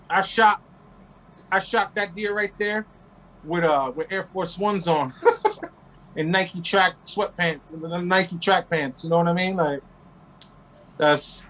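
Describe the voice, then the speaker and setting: Brash high-voiced man telling stories. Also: rough recording. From Queens, New York. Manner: brash, profane, animated. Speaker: guest. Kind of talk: casual interview storytelling.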